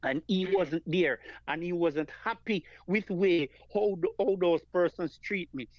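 High-voiced Jamaican man telling a heartfelt story. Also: measured pace, dry recording, dull audio. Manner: earnest, repeats phrases, calls the listener "man of God". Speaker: guest performer.

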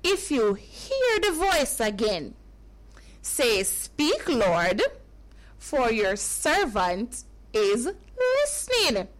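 A woman voicing a calm, patient old male priest in a children's Bible story. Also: fairly high pitch, drawn-out words, pitched below the performer's own voice, exaggerated voice, low-quality recording. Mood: instructing.

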